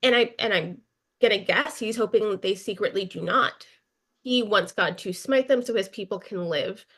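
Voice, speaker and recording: Vrouw die een losse, praterige preek houdt. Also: female voice, mid-range voice, normal speed, fairly bright tone, breathy edge. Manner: conversational, with fillers and asides. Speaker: preacher. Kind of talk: sermon.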